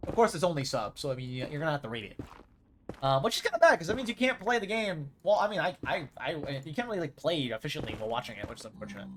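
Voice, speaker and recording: A man streaming a game live, talking casually in a slightly higher voice. His pitch swings widely as he rambles excitably from one thought to the next, often repeating words as he gets going. The faint hiss of a little background noise sits behind him. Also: very fast. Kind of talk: casual live gaming commentary.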